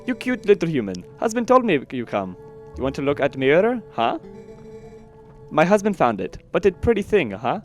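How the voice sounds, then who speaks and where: A man's voice: medium pitch, lively intonation, fairly quick, hardly any pauses, faint music behind, natural voice. A man voicing a sick female yeti wife who speaks in broken English and ends lines with a questioning "huh?". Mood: feverish.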